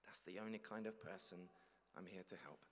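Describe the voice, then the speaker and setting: A man reading aloud the gentle replies of Jesus to a worried believer, calm and soft. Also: low-pitched, moderate pace. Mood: tender. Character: gentle, patient Jesus reassuring a sinner. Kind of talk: dramatic reading of a dialogue. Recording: long echo of a large hall.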